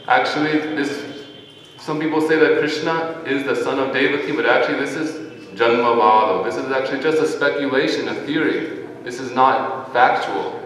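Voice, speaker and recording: A man's voice: mid-range voice, normal speed, a bit bright. Man speaking devotionally in an echoey hall. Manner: earnest, recites scripture verses in Sanskrit and Bengali. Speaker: devotee giving a spoken offering. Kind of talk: devotional talk. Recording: echoey hall, distant mic, faint ambience.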